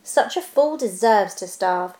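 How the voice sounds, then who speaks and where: A woman's voice: mid-range voice, animated, a little slow, a little mellow, natural voice. Bard, a woman doing a grim suspicious man. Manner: grim and blunt. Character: stern suspicious grown man, a bowman leader. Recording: roomy echo.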